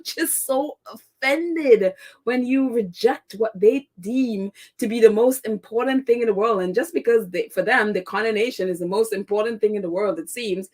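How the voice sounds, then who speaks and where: A woman hosting a casual commentary podcast, chatty and sarcastic, laughing often and leaning on fillers as she reacts to the news. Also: on the high side. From United States. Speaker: podcast host.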